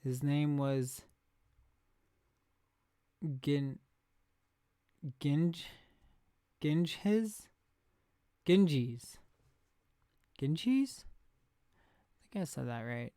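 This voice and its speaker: Young male streamer, unhurried casual chatter, smooth voice a bit high for a man. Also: animated, mellow, no echo, studio quality. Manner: rambling, chatty, laughs at himself. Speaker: live streamer. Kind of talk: casual chat reacting to chat.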